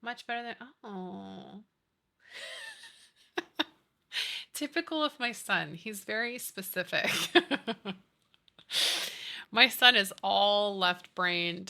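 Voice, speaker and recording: A woman's voice: mid-range voice, creaky, pushed and bright. A woman in her thirties, a streamer chatting casually with her viewers while she builds in a game. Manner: chatty, upbeat, reads and answers chat.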